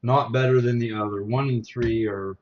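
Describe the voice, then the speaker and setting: A man's voice: mid-range voice, fairly even intonation, normal speed, a little hiss or hum. A man tasting whiskey with friends in casual chat, joking and teasing as he goes. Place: indoors, home tasting session. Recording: slightly dull livestream audio.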